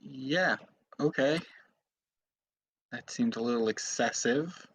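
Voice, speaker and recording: A man's voice: mid-range voice, slow, breathy edge. Easygoing male tabletop player. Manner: easygoing, hesitant with ums. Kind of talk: casual game chat.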